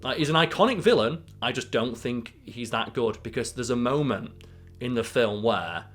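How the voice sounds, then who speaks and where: A man's voice: mid-range voice, expressive, moderate pace, a bit bright, faint music behind. A man co-hosting a podcast, chatting casually about films in a blunt, opinionated and sweary way. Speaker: podcast co-host. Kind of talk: casual film chat.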